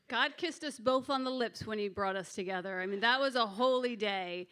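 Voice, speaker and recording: A woman's voice: fairly high pitch, normal speed, few pauses, fairly bright tone. A woman with a New Jersey accent hosting a live storytelling show, gushing and swearing as she acts out quotes with her guests. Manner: effusive, swearing, laughing, acting out quotes. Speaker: host introducing a storyteller. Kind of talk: live stage introduction.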